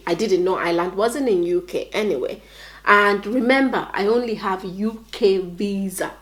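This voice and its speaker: A woman's voice: medium pitch, normal speed. A young woman with a Nigerian accent, telling a personal story time on her vlog, with many fillers and repeated phrases. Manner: earnest, repetitive storytelling with many "like"s. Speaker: vlogger.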